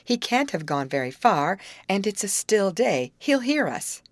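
A woman reading aloud voices a timid teenage girl who pleads in a high, fearful voice. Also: sing-song, a little slow, no room sound. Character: timid, easily frightened teenage girl Grace.

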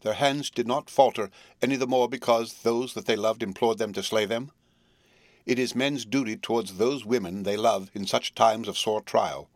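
A man reading the part of a devoted young wife, earnest and resolute, in a measured pleading tone. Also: on the low side, steady tone, no echo, close to an everyday voice. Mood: solemn. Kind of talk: audiobook character reading.

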